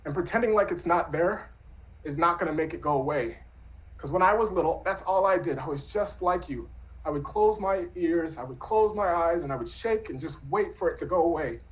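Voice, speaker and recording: Man, thirties, personal storyteller, earnest and reflective, fairly high voice. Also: fairly quick, poor audio.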